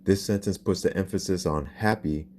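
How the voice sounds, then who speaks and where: A man with a very low, mellow voice reads a scripted language lesson. He explains each rule slowly and carefully and spells words out letter by letter. A faint hiss of noise sits under the narration. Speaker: language teacher.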